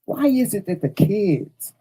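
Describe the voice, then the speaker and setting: A man speaking to his audience in a mellow, husky voice. He tells a personal story bluntly, with cursing, and hammers his points home by repeating phrases. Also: high-pitched, very animated, measured pace, poor audio. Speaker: host. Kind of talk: casual storytelling monologue to viewers.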